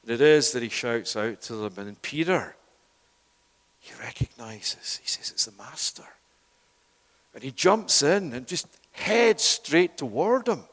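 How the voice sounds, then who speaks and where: A male preacher delivers a sermon in a middle-pitched voice. He swings between loud, urgent bursts and quiet, hushed near-whispers. His voice carries a long reverb, as in a large church hall. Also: big pitch swings, takes it slowly, long pauses.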